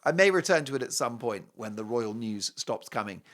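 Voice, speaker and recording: A man's voice: medium pitch, lively intonation, brisk, fairly bright tone. A man hosting a TV show, giving an opinionated, mocking monologue with heavy sarcasm and emphatic swings. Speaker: TV show host.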